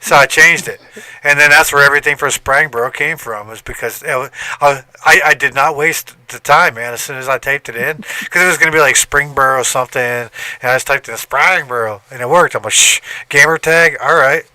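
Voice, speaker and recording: Middle-aged man, very bright tone, dry close sound, lively casual storyteller, occasional swearing. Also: mid-range voice, brisk, no echo. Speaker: podcast host. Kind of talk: casual chat.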